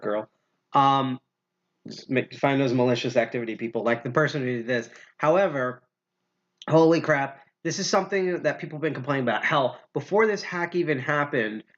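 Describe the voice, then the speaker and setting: A man of ordinary pitch hosting a casual livestream, talking loosely and swearing as he goes. He trips over words and corrects himself, then keeps rolling. The sound is a bit dull and lo-fi. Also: fairly bright tone. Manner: rambling, profane, self-correcting. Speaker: podcast host.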